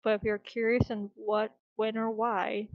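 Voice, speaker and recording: A guarded male adventurer voiced by a woman sets his boundaries in a measured, firm and quiet tone. The voice sits fairly high. The recording is dull and dry, like a basic home mic. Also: little pitch movement, dry recording. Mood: stern.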